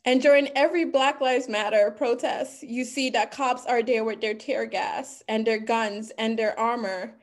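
Woman, higher-pitched, earnest and emphatic guest speaker. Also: fairly even intonation, normal speed, few pauses. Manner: earnest, emphatic, becomes emotional. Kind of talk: impassioned talk.

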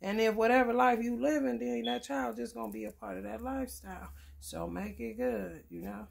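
A woman's voice: a little high, steady tone, brisk, gravelly, breathy edge. A woman giving a blunt, profane, preachy casual tarot reading. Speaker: tarot reader.

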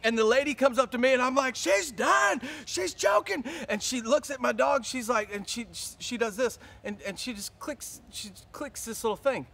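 A male pastor preaching a sermon, telling a story in a lively, casual way and acting out his own panic. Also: very high voice, moderate pace, creaky, few pauses.

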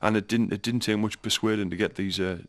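A man's voice: lowish voice, fairly even intonation, fast talker, fairly bright tone, no echo. A man with a Teesside accent, a documentary filmmaker chatting enthusiastically as a radio studio guest, often restarting his sentences. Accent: Teesside English. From Teesside, North East England. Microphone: studio mic with headphones.

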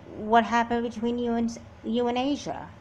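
A woman's voice: on the high side, flat delivery, moderate pace, darkish tone, highs cut off, a little hiss or hum, close to an everyday voice. A woman voicing a confident, self-assured teenage twin sister who takes charge in an amateur doll movie. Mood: persuasive. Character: confident, bossy teen twin sister with a plan.

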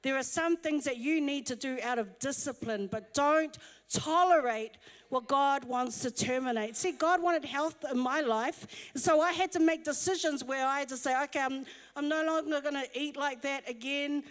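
A woman's voice: high voice, normal speed. A woman pastor, preaching a sermon in a chatty, humorous storytelling way. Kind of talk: conversational sermon. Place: church auditorium. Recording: long hall reverb.

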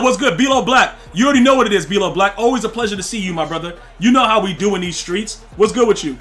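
A man's voice: high voice, quick pace, hardly any pauses, fairly bright tone, soft background music. A man streaming a football video game, chatting casually with his chat in heavy slang and trash-talking the players. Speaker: gaming streamer. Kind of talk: casual live-stream commentary.

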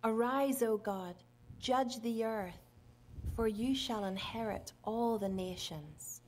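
A woman with an Irish accent reading scripture aloud in a measured way. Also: on the high side, a little mellow. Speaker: scripture reader.

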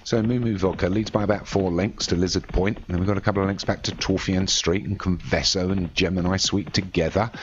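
A man's voice: low voice, fairly quick, hardly any pauses. A man commentating a horse race in a racing game, calling the runners and positions. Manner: rises sharply to excited shouting at the finish. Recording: slightly dull lo-fi audio with faint noise.

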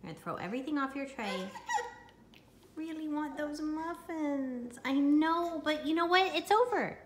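A woman's voice: sits high, lively intonation, normal speed, roomy sound. A mother in her home kitchen filming her toddler, talking to him in a playful, coaxing sing-song. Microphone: handheld camera taping.

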